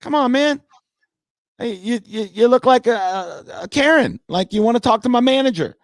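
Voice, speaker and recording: A man's voice: extremely high pitch, expressive, normal speed, no room sound. A man who works as a comedian, talking sports casually in a brash, profane way and mocking his critics. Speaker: comedian and podcast guest.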